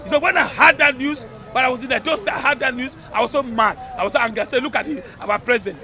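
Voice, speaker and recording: A man with a Nigerian accent, talking loudly and emphatically in a rambling street interview. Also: very high voice, fast. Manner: fervent, loud, rambling and emphatic. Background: crowd noise.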